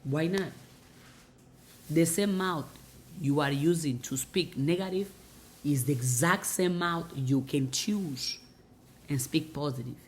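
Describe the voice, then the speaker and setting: Lowish-voiced woman hyping you up, preachy and repeating herself a lot. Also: slow, long pauses, slight background noise. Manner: emphatic, repetitive, preachy. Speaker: motivational speaker. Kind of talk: motivational monologue.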